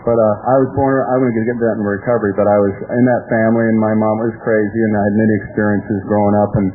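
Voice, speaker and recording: A man's voice: lowish voice, level tone, fast. Man telling his recovery story on tinny tape. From California. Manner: rambling storytelling with frequent chuckles. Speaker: recovery meeting speaker. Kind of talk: personal recovery talk. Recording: tinny phone-like tape with faint music.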